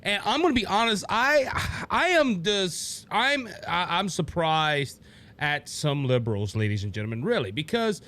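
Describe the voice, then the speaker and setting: A man with a Cajun accent hosting his own political podcast, talking in a rambling, animated way with many restarts and asides to "ladies and gentlemen.". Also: high-pitched, a little slow. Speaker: podcast host. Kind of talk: solo political commentary.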